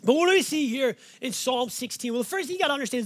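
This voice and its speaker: A man, a pastor with five kids, preaching a sermon in a folksy, conversational way and slowing down to stress the scripture he reads. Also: very high voice, expressive.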